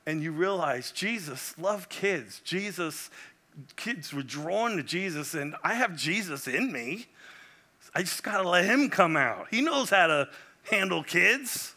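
A middle-aged man from Puerto Rico preaches as a visiting pastor. His voice is bright and forward, set a little high. He swings from loud, fervent exclamation down to quiet, intimate prayer. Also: expressive, a little slow. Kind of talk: sermon.

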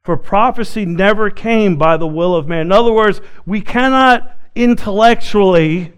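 High-voiced preaching man. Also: moderate pace, clean tone. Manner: expressive preaching that swings from loud to hushed. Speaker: pastor. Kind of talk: sermon.

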